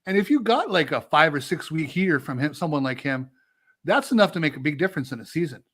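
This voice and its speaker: Slightly high-voiced man musing on a podcast. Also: very animated, quick pace, fairly bright tone, breathy edge. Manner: thinking aloud, asking questions. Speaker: podcast co-host. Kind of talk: casual sports podcast chat.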